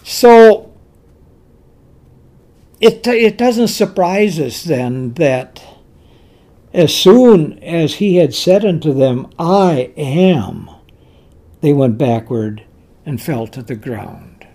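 Preacher mid-sermon, slow and deliberate, voice swinging up and down, hammers words by repeating them. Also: medium pitch. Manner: emphatic, repeats key words; animated storytelling with restarts.

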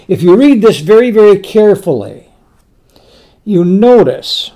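A man preaching a sermon, slow and emphatic, repeating words for stress. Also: high-pitched, warm tone.

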